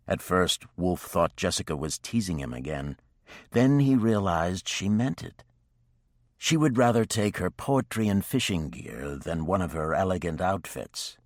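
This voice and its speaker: A man reading a romance novel aloud in scripted audiobook narration, with a measured, even delivery on a close microphone. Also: deep voice, dry recording.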